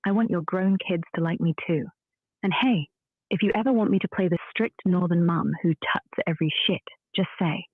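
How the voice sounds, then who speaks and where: British lady ai voice, husky and dry, witty, sounds tinny like a phone line. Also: fairly low pitch, a little fast, no echo. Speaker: AI voice assistant. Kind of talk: conversational chat.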